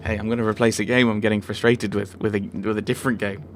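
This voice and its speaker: A man's voice: lowish voice, level tone, quick pace, faint music behind. A man narrating a game playthrough, reading dialogue aloud and muttering wry comments. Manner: wry, self-mocking muttering. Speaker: let's play host.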